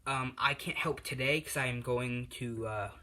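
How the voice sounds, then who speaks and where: A man's voice: mid-range voice, moderate pace, sharp tone, lightly acted. A man voicing a kind, encouraging veteran male hero in a retold fan story.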